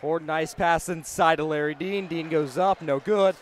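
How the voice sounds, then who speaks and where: A man with a slightly high voice calls a high school basketball game pass by pass. His delivery stays steady and rises when a shot goes up. Faint game sounds sit behind him. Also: normal speed, slight background noise. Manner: steady, even call that lifts on shots. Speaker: play-by-play announcer. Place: school gym.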